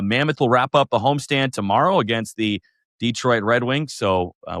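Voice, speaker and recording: A man with a fairly low voice talks hockey in a loose, friendly podcast chat. He restarts his phrases and chuckles along the way. The sound is dry and close, with no room echo. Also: fairly bright tone, clean tone. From Indiana. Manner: chatty, laughs easily, repeats words. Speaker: podcast co-host. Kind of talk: casual sports talk.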